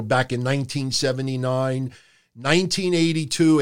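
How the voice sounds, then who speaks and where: A man's voice: mid-range voice, smooth. A man in his forties hosting a podcast, talking bluntly in a casual, opinionated rant and swearing freely. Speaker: podcast host. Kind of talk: casual opinionated wrestling talk.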